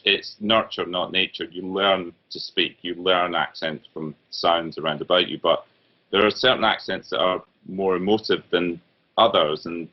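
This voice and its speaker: A man with a Scottish accent asks questions in a hesitant, stumbling way. His voice sits very low. The recording sounds slightly muffled. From Scotland. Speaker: interviewer, theatre director. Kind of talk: conversational interview.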